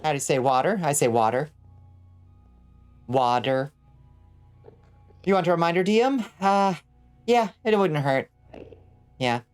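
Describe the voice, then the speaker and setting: A woman's voice: fairly low pitch, lively intonation, normal speed, darkish tone, clear, resonant tone, faint music behind. A woman from Georgia with a Southern accent, chatting casually with her stream chat while gaming. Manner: chatty, answers chat aloud, plays with pronunciations. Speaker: vtuber streamer.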